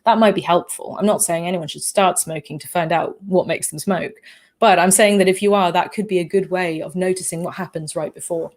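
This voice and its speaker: A woman's voice: on the low side, fairly even intonation, brisk, darkish tone. A woman with a slightly shifted English accent, hosting a casual livestream Q&A and answering chat comments with many fillers, restarts and apologies. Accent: English, shifted by living in the Netherlands. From England. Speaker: livestream host.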